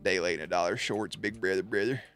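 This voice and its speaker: A man's voice: low-pitched, steady tone, fast, fairly bright tone, clear, resonant tone, soft background music. A young man streaming and commentating marble races in a hyped, playful way, swearing freely and calling the action like a sportscaster. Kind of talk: casual livestream commentary.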